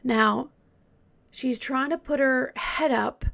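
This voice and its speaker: Slow, creaky-voiced woman telling true crime. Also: high-pitched. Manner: hesitant, drops into hushed whispers. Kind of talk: casual true crime storytelling.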